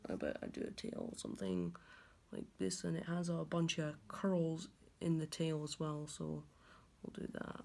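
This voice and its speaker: A woman's voice: sits low, expressive, moderate pace, vocal fry, dark tone. A woman creator musing aloud as she draws, making clicking sounds with her voice while she thinks. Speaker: video creator.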